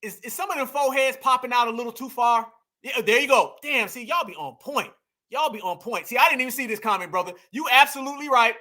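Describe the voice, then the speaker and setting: A man's voice: very high voice, fast, bright, forceful tone. A man giving emphatic reaction commentary on video clips, repeating himself and calling his viewers family. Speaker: political commentator.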